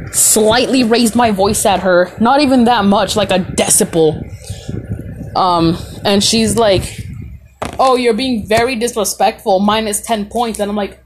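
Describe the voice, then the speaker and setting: Breathy teen girl telling stories. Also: mid-range voice. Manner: chatty, lots of fillers, swears freely. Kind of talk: casual storytelling.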